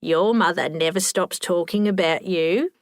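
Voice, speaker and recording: A woman voicing a large, loud, bossy elderly lady who talks in a fussy, correcting way. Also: on the low side, a little slow, no echo, clean studio sound.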